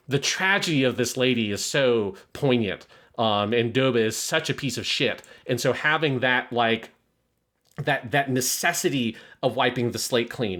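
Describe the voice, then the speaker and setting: A man's voice: medium pitch, fairly bright tone. A man co-hosting a film review podcast, analyzing scenes with swearing and passion. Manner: profane, impassioned analysis with acted quotes. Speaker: podcast co-host. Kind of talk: casual film review discussion.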